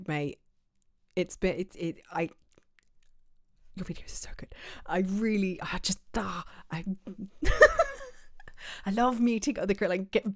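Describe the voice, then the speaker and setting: An English woman talks casually to her stream chat, rambling and restarting her sentences. Her voice sits low for a woman, and the sound is dry with no room echo. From England. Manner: chatty, rambling, many fillers and restarts.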